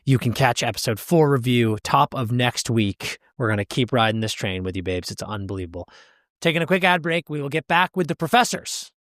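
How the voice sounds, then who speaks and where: A man's voice: medium pitch, brisk, hardly any pauses, fairly bright tone, no room sound, clean studio sound. A man hosting a podcast in casual chat, emphatic and swearing, talking to his listeners. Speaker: podcast host.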